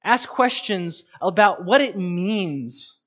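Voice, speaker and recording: A man giving an earnest, unhurried teaching on meditating on scripture, often restarting his sentences. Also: high-pitched, animated, a bit bright. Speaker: Bible teacher. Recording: dull lo-fi recording.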